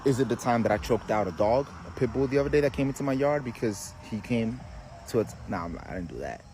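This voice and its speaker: A married man answering a viewer comment in a sarcastic, animated way. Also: medium pitch, fast, slight background noise. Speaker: married vlogger. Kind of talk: response video to a comment.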